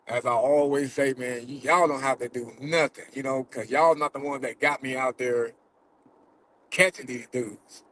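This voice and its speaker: A predator-catching vlogger speaks to his audience from behind the wheel, cursing freely, using lots of fillers, and struggling not to cry. His mid-range voice is steady and a bit bright at normal speed, with slight background noise on a low-quality recording.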